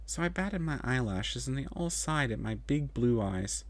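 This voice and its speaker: Expressive male storyteller, dry close sound. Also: medium pitch, moderate pace, no echo. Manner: expressive, melodic reading. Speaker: narrator. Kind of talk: storybook reading in a child's first-person voice.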